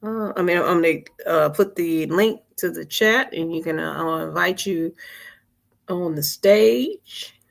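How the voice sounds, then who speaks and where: Her voice fairly low, gravelly, and edged with fry, a spiritual host gives informal teaching at her weekly live-streamed vigil at a measured pace. She's conversational, coaxing, colloquial, and earnest, returning to the same phrases and calling on listeners to take part.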